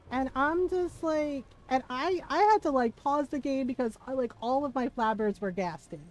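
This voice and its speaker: High-pitched lady streamer ranting away on stream, lots of laughs and cussing, casual chat into her desk mic. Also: moderate pace, rough recording. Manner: animated, swearing, laughing rant. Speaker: game streamer.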